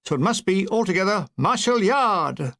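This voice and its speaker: A man's voice: sits high, very animated, moderate pace, gravelly, fairly bright tone, no room sound, heavily acted. A man voicing a dry, dismissive army gunner who answers curtly.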